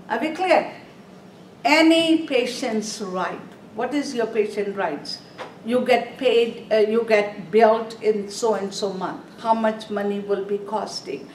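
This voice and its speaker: A woman teaching a nursing exam review class, emphatic and repeating her points, with non-native English grammar. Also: fairly high pitch. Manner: emphatic, repeats "Are we clear?". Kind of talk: classroom lecture. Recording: echoey room, voice from far off, faint background noise.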